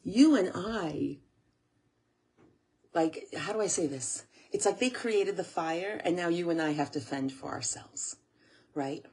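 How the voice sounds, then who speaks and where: An American woman who hosts a channel speaks earnestly to the camera, close to tears and repeating herself in an emotional monologue. Her fairly low voice has lively intonation, a measured pace, a darkish tone, and a breathy edge.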